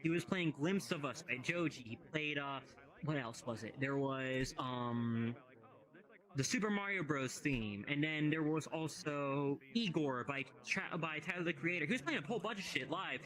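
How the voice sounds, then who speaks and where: Uomo giovane che chiacchiera in modo divagante, scherzoso e volgare, in una chat di gruppo. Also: male voice, on the high side, lively intonation, moderate pace, a bit bright. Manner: rambling, profane, joking. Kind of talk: casual chat in a VR social game.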